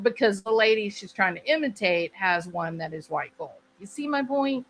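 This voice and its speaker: A channel host talks through a topic casually, repeating herself and frequently asking the listener "right?". She's animated and medium-pitched, speaking at a moderate pace with hardly any pauses, on a rough recording.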